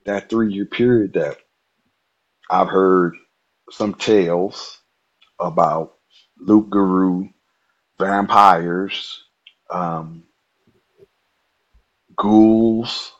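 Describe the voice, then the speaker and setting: A man from Nebraska, a podcast guest, telling a story in an animated way, laughing often and acting out the dialogue. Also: sits low, extremely slow, pauses often, muffled recording. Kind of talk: casual storytelling.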